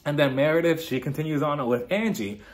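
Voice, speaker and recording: A man's voice: on the high side, fairly quick. A man recapping a reality show in a casual, gossipy way, laughing often and acting out quotes.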